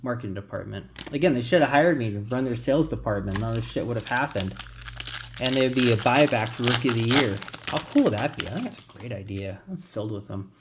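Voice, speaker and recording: A man's voice: medium pitch, animated, fast, noisy background. Casual male card-opening vlogger, mumbling names, loose and rambling. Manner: rambling, mutters names as he flips cards. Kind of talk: casual pack-opening commentary.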